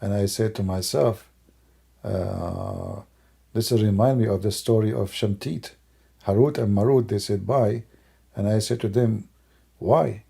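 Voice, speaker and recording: A man whose first language is Arabic, hoarse from losing his voice, musing and rambling in broken English on a livestream. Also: on the low side, steady tone, unhurried, mellow. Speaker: livestream host. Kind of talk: casual livestream talk.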